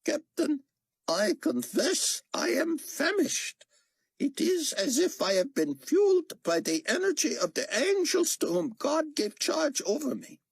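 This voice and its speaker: Quavering, devout old scholar. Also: male voice, huge pitch swings, no room sound, heavily acted. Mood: earnest. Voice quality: high creaky quaver. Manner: formal, slow and reverent. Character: elderly frail Israeli scholar, devout and gracious.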